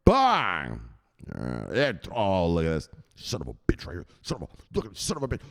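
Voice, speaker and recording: A man hosting a crypto news livestream, chatting with viewers in a loud, profane, excitable way. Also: sits low, normal speed, gravelly. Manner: profane, excitable, shouting "bang!" often.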